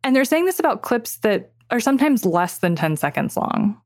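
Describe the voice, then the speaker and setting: A woman's voice: fairly high pitch, very animated, normal speed, darkish tone, dry recording. A woman writer narrating her own audio essay in a reflective, thoughtful manner on a close studio mic. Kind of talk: scripted narration.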